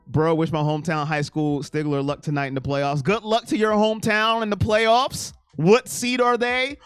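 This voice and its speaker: A man hosting a casual live sports stream, reading chat comments and ranting with excitement, sometimes shouting and then dropping to a mumble. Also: sits high, clean tone, dry recording.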